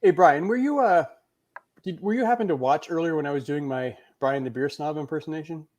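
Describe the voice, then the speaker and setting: Canadian guy chatting about beer, kinda high voice, friendly and eager. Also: brisk, darkish tone. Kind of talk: casual chat.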